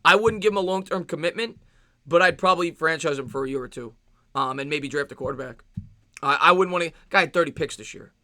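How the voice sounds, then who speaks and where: A man's voice: a little high, quick pace, sharp tone, dry recording, studio quality. A man with a New York accent hosting a casual live-stream Q&A, reading viewer questions and answering with lots of fillers and repeated phrases. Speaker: sports stream host.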